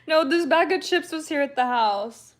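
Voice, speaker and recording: Woman livestreamer, high voice, chatty, rambling, quick to laugh. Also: expressive. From San Antonio, Texas, USA. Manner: chatty, rambling storyteller who laughs often. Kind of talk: casual chat with viewers.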